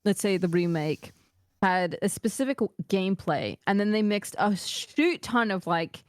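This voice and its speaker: A woman's voice: medium pitch, expressive, moderate pace, dry recording, studio quality. A woman streamer in casual chat, talking through her opinions in a thoughtful, candid way.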